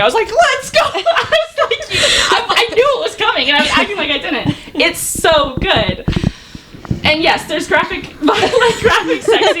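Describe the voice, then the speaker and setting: A young woman co-hosting a podcast, rambling excitedly with lots of fillers and laughs. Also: a little high, background noise. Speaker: podcast co-host. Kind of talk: casual chat.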